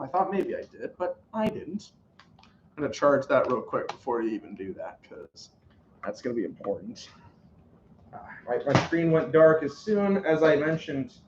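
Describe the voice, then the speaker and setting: A man talks through a football game on his live stream, his pitch sitting a little high and swinging widely as he gets excited. He rambles casually between plays. The sound is roomy and slightly muffled, with a faint hum of room ambience behind him. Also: moderate pace. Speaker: sports live-stream host.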